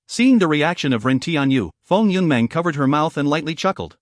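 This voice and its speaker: A man's voice: fairly high pitch, animated, a little fast, few pauses, dry recording, studio quality. Man narrating a fantasy audiobook.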